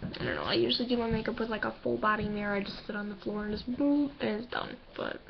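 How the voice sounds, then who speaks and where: A woman's voice: mid-range voice, animated, fast. Chatty young woman on a lo-fi laptop mic. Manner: chatty, self-deprecating, talks while doing makeup. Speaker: beauty vlogger. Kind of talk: casual makeup tutorial chat. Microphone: laptop camera mic. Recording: dull lo-fi laptop recording with clear noise.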